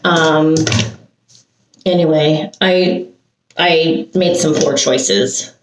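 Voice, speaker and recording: A woman's voice: low voice, drawn-out words, slight background noise. An older woman from Santa Cruz, California, vlogging as she gets ready and talking in a rambling, emotional way with sighs and restarts. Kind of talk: get-ready-with-me chat. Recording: roomy echo, heard from a distance.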